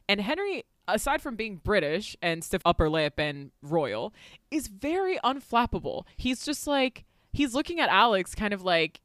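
A woman's voice: mid-range voice, dry recording, studio quality. Sarcastic, swearing woman podcast co-host. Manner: profane, sarcastic. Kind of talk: casual chat.

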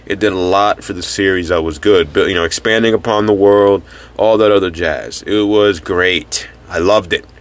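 A man's voice: low voice, moderate pace. A man co-hosting a casual podcast, talking in an earnest, rambling way with many restarts. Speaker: podcast co-host. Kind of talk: casual chat.

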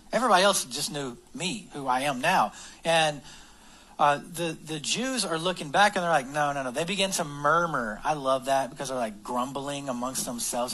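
A man's voice: on the high side, a bit bright, rough recording. A man preaching a casual, conversational sermon, acting out quoted lines in little voices. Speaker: pastor.

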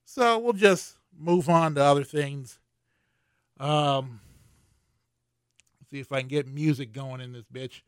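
A man's voice: on the high side, takes it slowly, long pauses, smooth, dry recording, studio quality. A man hosting a podcast alone, talking in a casual, rambling way with many fillers and restarts, getting worked up as he tells a story. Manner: gets worked up while telling an annoying story. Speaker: podcast host.

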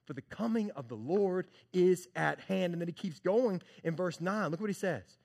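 A pastor delivering a sermon, his voice sitting a touch high for a man. He talks to the congregation like friends, then drops to a hush or climbs into loud, animated bursts. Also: moderate pace, creaky. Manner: animated preaching, swings from hushed to loud; conversational, addresses congregation as church and y'all.

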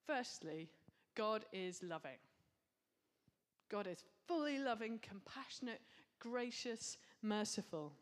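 A woman's voice: mid-range voice, lively intonation, slow pace. A woman preaching a sermon, earnest and reflective, with casual asides.

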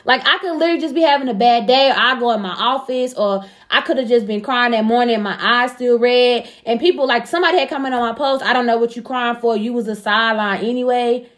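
A young woman on a casual chat show, telling a personal story in a blunt, profane, animated way and acting out the back-and-forth. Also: on the high side, fast talker, few pauses.

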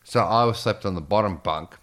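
A man telling rowdy stories in a casual chat, swearing often and getting animated. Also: sits low, fairly quick.

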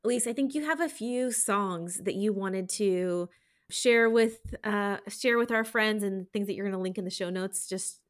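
A woman hosts a faith podcast and speaks to her listeners in an encouraging, exhorting way. She also responds to her co-host in the conversation. Her voice has a middle pitch. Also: moderate pace. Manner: encouraging, warm-hearted exhortation.

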